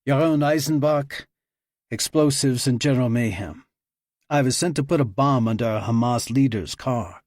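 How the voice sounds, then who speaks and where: A man's voice: mid-range voice, moderate pace, darkish tone, no echo, studio quality, lightly acted. A man voicing a stocky male explosives expert in his late forties, blunt and matter-of-fact.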